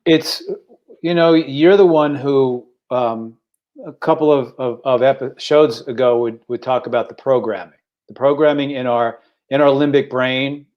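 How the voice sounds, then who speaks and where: A man in his sixties, originally from Staten Island, telling a personal story on a podcast over a video call, halting and repeating words with feeling. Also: mid-range voice, highs cut off. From Staten Island, New York. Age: 60s. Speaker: podcast co-host.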